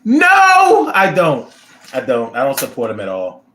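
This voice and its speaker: A man's voice: medium pitch, moderate pace, a little hiss or hum. A man hosting a casual livestream who reads viewer comments and talks in a blunt, profane, rambling way. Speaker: livestream host reading chat.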